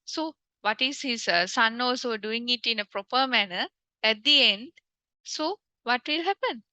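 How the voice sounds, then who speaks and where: A woman's voice: on the high side, expressive, unhurried, sharp tone, dry recording, low-quality recording. A woman from Sri Lanka teaching an online English lesson, patiently asking the class frequent questions as she goes through a story.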